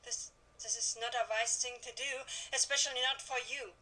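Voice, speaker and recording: A woman's voice: on the high side, steady tone, normal speed, pushed and bright, a little hiss or hum, poor audio. A woman voicing an old female storyteller in a video game, with a put-on German accent and a theatrical, mysterious manner. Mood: ominous. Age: older. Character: old female storyteller, ominous and food-loving. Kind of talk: video game character acting.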